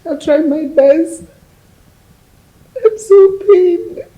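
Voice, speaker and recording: A woman's voice: high-pitched, takes it slowly, mellow. An actress with a Nigerian accent playing a widow crying over her husband's death in a film. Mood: grieving. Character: grieving young widow, tearful. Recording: echoey room.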